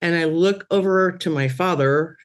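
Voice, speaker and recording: Animated woman telling a personal story. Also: normal speed. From Cuban-American family. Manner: animated, voice rising high for quoted exclamations. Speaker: medium on a podcast panel. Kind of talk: casual storytelling.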